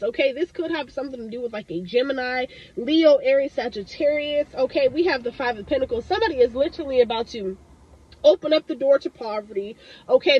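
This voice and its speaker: A woman's voice: high-pitched, slightly rough. A woman giving a heated, profane tarot reading to a collective audience, swearing hard and hammering her points with emphasis. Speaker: tarot reader. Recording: dull lo-fi dry sound.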